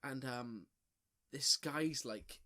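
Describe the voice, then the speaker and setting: A man's voice: medium pitch, very slow, bright, forceful tone. A young man, co-hosting a podcast and telling a story in a loose, sweary way full of fillers and restarts. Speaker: podcast co-host. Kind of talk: casual storytelling chat.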